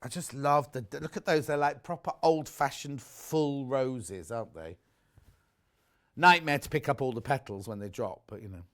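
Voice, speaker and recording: A man presenting on a live shopping channel, chatting warmly about fabrics and reading out viewer messages. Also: mid-range voice, moderate pace. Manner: chatty, gushing over products, reads viewer messages aloud. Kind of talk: live TV sales chat. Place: TV studio.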